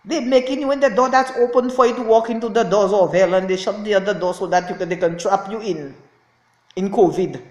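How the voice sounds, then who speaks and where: A woman's voice: medium pitch, a little fast, a little mellow, reverberant. A woman speaking as a self-styled prophetess in an impassioned, repetitive rant to camera, laughing in anger. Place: indoors, lying on a floor.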